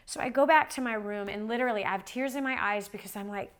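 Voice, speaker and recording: A woman telling a story in a lively, chatty way to an audience, often adding "like" and "right?" as she goes. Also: medium pitch, fast talker, few pauses, slight background noise. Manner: animated, chatty, many "like" and "right?" asides. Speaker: motivational speaker. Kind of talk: storytelling talk.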